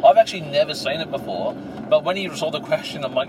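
A man's voice: fairly high pitch, expressive, fast talker. A young Australian man co-hosting a podcast, joking and swearing in casual banter while driving. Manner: joking, swearing, laughs often. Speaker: podcast co-host. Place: inside a car on the road. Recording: noisy car interior.

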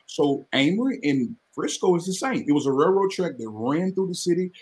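A man, telling his life story as a guest on a live podcast, earnest and animated. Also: a little high, brisk. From Mississippi, US. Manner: earnest, animated storytelling with sudden excited rises.

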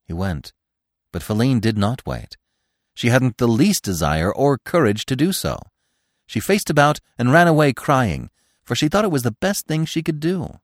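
A man's voice: mid-range voice, very animated, moderate pace, no echo, studio quality. A man narrating a classic children's story expressively as a podcast host. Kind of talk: audiobook narration.

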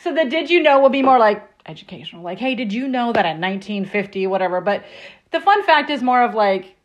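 A middle-aged woman co-hosting a casual podcast, telling stories in an animated way and laughing often. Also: fairly high pitch, fast, lo-fi sound. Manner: animated storyteller, laughs a lot. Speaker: podcast co-host.

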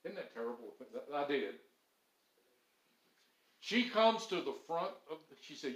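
A man's voice: a little high, very animated, measured pace. A middle-aged man preaching a sermon, telling stories earnestly and landing points with emphasis. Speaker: pastor. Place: church sanctuary. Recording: roomy church echo.

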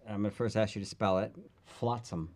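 A man's voice: fairly low pitch, steady tone, a little fast, a little mellow. A man co-hosting a casual chat podcast, sarcastic and ranting, with stammering restarts. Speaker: podcast co-host.

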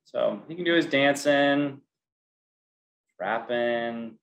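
A man's voice: mid-range voice, slow, highs cut off. A man co-hosting a casual sports podcast, teasing and joking in a loose, playful way. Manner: joking, teasing, laughs at his own lines. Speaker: co-host.

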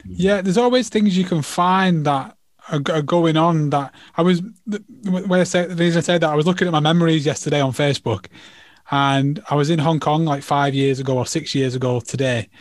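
A male host running a relaxed interview. His voice sits on the higher side and sounds dry and close to the mic. He rambles and leans on "like" as a filler. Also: a little fast, no room sound. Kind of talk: casual interview.

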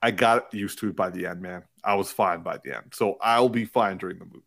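A man co-hosting a podcast in casual chat, excitable and rambling, laughing often and restarting his sentences. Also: low voice, fairly quick, gravelly. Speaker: podcast co-host.

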